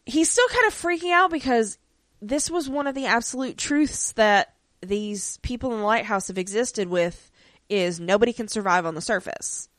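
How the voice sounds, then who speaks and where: A woman's voice: a little high, animated, moderate pace, fairly bright tone, dry recording. A woman co-hosting a podcast, recapping a TV episode in casual chat with plenty of ums and likes. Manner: chatty, many ums and likes, acts out lines in quotes.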